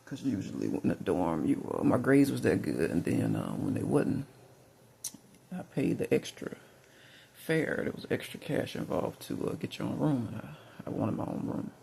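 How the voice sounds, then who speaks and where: Gravelly rambling storyteller. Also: male voice, medium pitch, huge pitch swings, moderate pace, warm tone, slight background noise. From Mississippi. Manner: rambling, many fillers and restarts. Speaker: vlogger.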